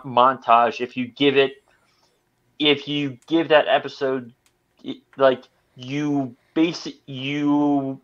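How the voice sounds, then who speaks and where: A man's voice: medium pitch, a bit bright, highs cut off. A man giving a casual film review on a podcast, rambling with many restarts and stammers. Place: podcast studio.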